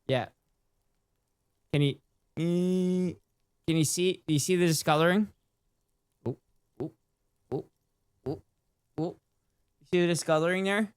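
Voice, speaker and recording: A man streaming a video game, chatting casually with his viewers in an excitable, profane way. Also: on the high side, measured pace, long pauses, clear, resonant tone, no echo, studio quality. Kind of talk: casual live-stream gameplay chat.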